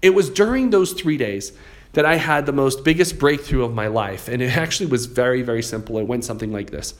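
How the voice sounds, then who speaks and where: A man, a real estate investor and public speaker, telling a motivational story in a conversational way, often repeating words as he goes. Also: medium pitch.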